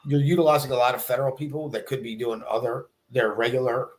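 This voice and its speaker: Male police officer guest, halting speech, lots of ums, even-tempered chat. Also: mid-range voice. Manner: halting, lots of fillers, measured, sees both sides. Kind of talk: casual livestream chat.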